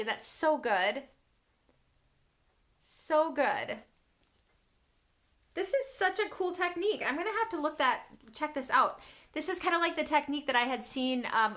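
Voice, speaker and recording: A woman artist hosting a casual live stream from her couch at home, bubbly and excitable, gasping and giggling often, recorded by a camera on a tripod. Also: fairly high pitch.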